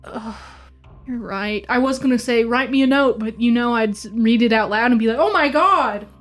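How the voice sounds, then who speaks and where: A woman player role-playing in a tabletop game, excitable and quick to swear. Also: on the high side, faint music behind. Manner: excitable, swears often, laughs a lot. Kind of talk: in-character tabletop role-play.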